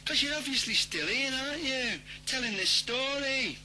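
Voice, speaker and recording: A man cuts in as the producer, his voice high and very bright. He interrupts in a plaintive, put-upon way, and his pitch jumps around a lot. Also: animated, moderate pace, faint music behind, poor audio.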